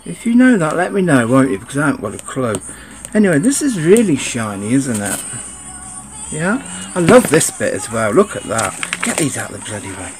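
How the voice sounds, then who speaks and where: A man's voice: mid-range voice, very animated, a little fast, music in the background. A man giving a casual, rambling unboxing chat, grumbling and swearing at his camera. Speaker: sneaker vlogger.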